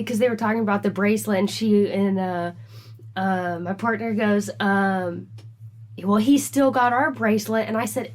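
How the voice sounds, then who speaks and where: A woman co-hosting a podcast, telling a story in a casual, animated way and acting out the dialogue. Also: medium pitch, moderate pace. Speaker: podcast co-host.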